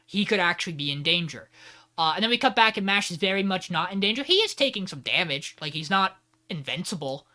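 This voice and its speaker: A man co-hosting a podcast, excitedly recapping an anime episode and acting out quotes with laughs. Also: high voice, brisk. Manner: animated retelling with acted-out quotes and laughs. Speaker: podcast co-host. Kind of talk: casual anime recap chat.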